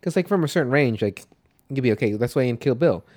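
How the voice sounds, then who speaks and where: A man's voice: medium pitch, lively intonation, quick pace, a little mellow. Rambling man chatting about movies. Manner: rambling, swears, trails off and restarts. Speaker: podcast co-host. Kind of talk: casual movie discussion.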